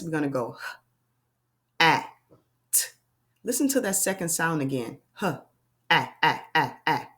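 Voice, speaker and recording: A woman teaching young children a phonics lesson, sounding out words slowly and patiently and praising them as she goes. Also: lowish voice, a bit bright. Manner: slow, patient, sounding out letters; encouraging, addresses kids as friends and butterflies. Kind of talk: early-grade phonics lesson.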